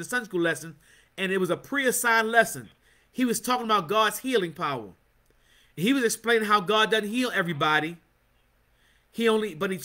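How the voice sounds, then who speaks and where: A man's voice: high voice, sharp tone. A man teaching a Bible study as a sermon, fervent and punctuated with amens and calls to praise. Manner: fervent, call-and-response with amens.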